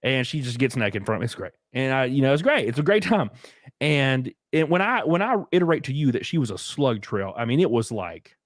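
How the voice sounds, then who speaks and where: A man's voice: mid-range voice, big pitch swings, a little fast, no echo, studio quality. A man in his twenties hosting a live stream, telling a crude story in a rambling way with many fillers and restarts. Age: 20s. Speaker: stream host.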